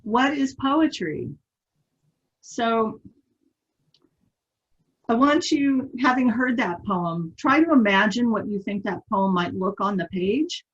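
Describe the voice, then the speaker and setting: A woman's voice: on the high side, animated, slow pace, long pauses, highs cut off. A woman teaching a webinar in a conversational way, asking the group questions. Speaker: webinar presenter.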